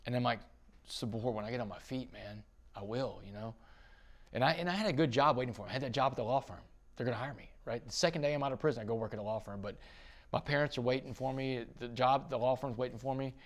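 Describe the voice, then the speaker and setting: In a mid-range voice that races along, a Texan podcast guest spins a dramatic story during an interview, building up to bursts of excitement.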